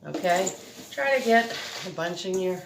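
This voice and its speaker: A woman's voice: on the low side, expressive, measured pace, creaky, roomy sound, noisy background. Chatty breathless woman in a kitchen. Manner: chatty, rambling, laughs often. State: a little breathless. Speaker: cooking vlogger. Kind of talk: casual home cooking demo. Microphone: phone camera.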